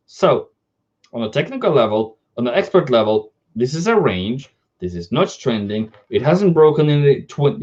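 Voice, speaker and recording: A man's voice: fairly high pitch, darkish tone. A man hosting a live forex trading stream, talking casually through charts, often cutting himself off and greeting viewers. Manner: chatty, self-interrupting, reads viewer comments aloud. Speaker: forex trading livestream host. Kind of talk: live market analysis chat. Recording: slightly dull lo-fi stream audio.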